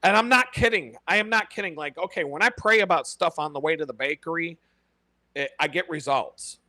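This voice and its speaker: Guy on a raw live stream, bright punchy voice, swears a lot, dry close sound. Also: on the high side, fairly quick, no echo. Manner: animated and profane, laughs often. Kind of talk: casual live stream monologue.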